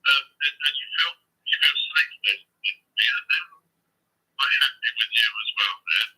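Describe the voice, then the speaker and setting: A woman councillor on a phone call, asking calm, hesitant questions and repeating words as she goes. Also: a bass voice, a little slow, slightly rough.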